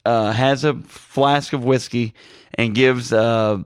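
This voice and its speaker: A man's voice: mid-range voice, fairly even intonation, slow, smooth, dry recording, studio quality. A man hosting a podcast, recapping a movie in casual chat, rambling and joking. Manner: rambling, joking, lots of fillers. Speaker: podcast host.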